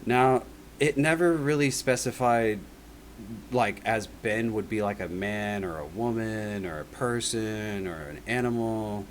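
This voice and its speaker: A man gives a personal testimony as a casual spoken monologue, rambling and earnest, leaning on "like" and "right?" as he talks. His voice is fairly low and a little slow, with a little hiss or hum.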